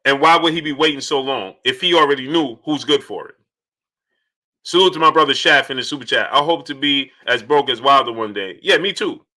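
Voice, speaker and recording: A man hosting a casual live stream, shouting out viewers by name and repeating his points in an animated way. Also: mid-range voice, brisk. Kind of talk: casual live-stream chat reading super chats.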